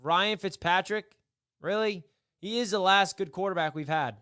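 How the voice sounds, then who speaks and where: Young ny dude live streaming sports talk, rambly and mopey-joking, smooth clear voice. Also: male voice, sits high, moderate pace, sharp tone, no room sound, studio quality. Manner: rambling, mock-despairing, repeats himself.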